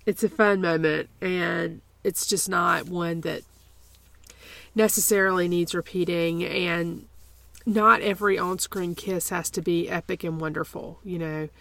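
A woman co-hosting a casual podcast chat, talking slowly through her thoughts with frequent restarts. Her voice has a gravelly fry to it, and the recording is dry and close. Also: lowish voice, fairly even intonation, fairly bright tone, dry recording. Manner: hesitant, many restarts and repeated words. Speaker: podcast co-host.

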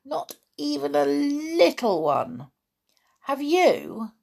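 A woman reading aloud, voicing an eager, excitable farm boy who longs for adventure. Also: drawn-out words, vocal fry, full character voice. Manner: eager, breathless, pitched up.

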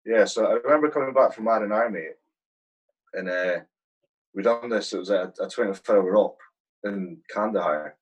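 A man's voice: on the low side, moderate pace, low-quality recording. A man from Britain, an army veteran, telling war stories in a casual, heavily sworn way. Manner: swears a lot, vivid war storytelling. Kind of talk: casual chat.

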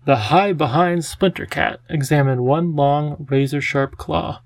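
A man reading a children's storybook aloud in a gentle, even storytelling manner. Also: a little high, measured pace, vocal fry, dry recording. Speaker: audiobook narrator. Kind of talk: scripted storybook narration.

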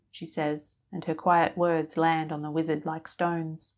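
Calm woman reading a story aloud. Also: sits low, unhurried. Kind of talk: scripted fiction narration.

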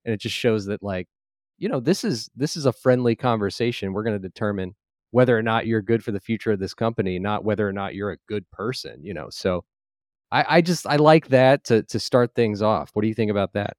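A man hosting a casual podcast interview, friendly and affirming, with quick interjections. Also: lowish voice, lively intonation, a little mellow, no room sound, studio quality. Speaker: podcast host.

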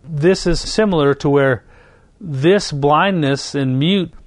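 A man's voice: on the high side, slow pace, no echo. A man preaching a sermon, reading scripture and telling a personal story in an earnest, repetitive way. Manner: earnest storytelling, repeats phrases, occasional self-corrections.

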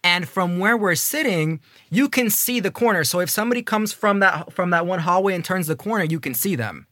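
A man telling a personal story in a casual, animated way, swearing often and swinging between fast bursts and dramatic pauses. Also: high voice, dry recording, clean studio sound. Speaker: coding program student telling a story.

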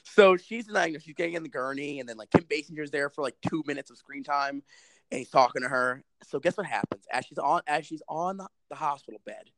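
A man recapping a movie in casual chat, animated and sarcastic, with lots of swearing. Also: a little high, fast, dry recording, poor audio. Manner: animated, profane storytelling with sarcastic asides. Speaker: movie reviewer.

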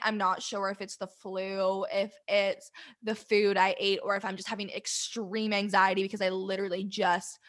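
A woman's voice: mid-range voice, fairly bright tone. A young woman telling a candid, rambling story to the camera, flustered and close to tears, swearing freely.

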